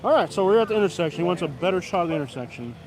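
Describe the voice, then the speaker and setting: A man's voice: high-pitched, expressive, racing, a crowd in the background. A man, chatting casually and rambling to his viewers on a live stream from a downtown street at night, filmed on a camera stand.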